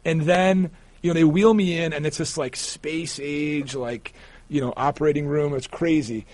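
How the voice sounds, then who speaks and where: A man with a fairly high voice tells a story in a casual interview, restarting sentences as he goes. The sound is dry and close, with no room around it. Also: normal speed, dry recording. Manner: animated, rambling with repeated restarts. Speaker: guest, sportswriter.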